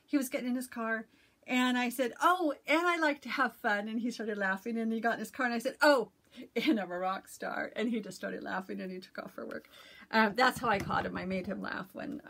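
A woman's voice: on the high side, gravelly, fairly bright tone. A middle-aged woman chatting casually in a show-and-tell vlog about stitching gifts, effusive and full of fillers, filmed at home. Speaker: cross-stitch vlogger. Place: at home, in a messy room. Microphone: camera she turns around while talking.

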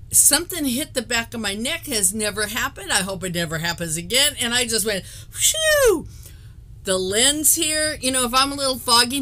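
Female live-stream craft host, bright and fairly high, giggly and rambling. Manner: chatty, laughs often, rambling restarts. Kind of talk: casual live-stream chat.

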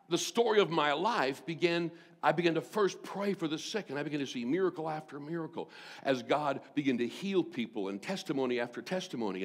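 A man's voice: a little high, big-room sound. A middle-aged man, a senior pastor, preaching a sermon and telling a personal story, acting out the voices of the people in it. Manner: storytelling, acts out voices in quotes.

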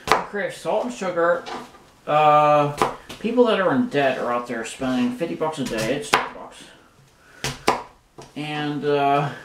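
A man in his home kitchen, talking in a frustrated, rambling way with many fillers while he makes breakfast and eats. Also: medium pitch. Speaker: vlogger. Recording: echoey room, mic far off, loud kitchen noise. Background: dishes, pots, pans and drawers clattering.

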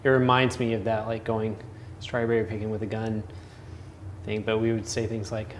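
A man's voice: fairly low pitch, little pitch movement, moderate pace, a little hiss or hum. A man with a Southern American accent, a painting instructor chatting casually while he paints, rambling and laughing often.

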